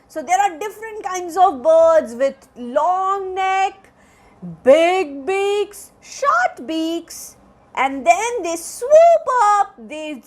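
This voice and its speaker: A woman's voice: extremely high pitch, sing-song, extremely slow. A woman teacher reading a picture book aloud to small children in a coaxing, sing-song way, asking them questions and acting out bird sounds. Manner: acts out bird sounds between lines.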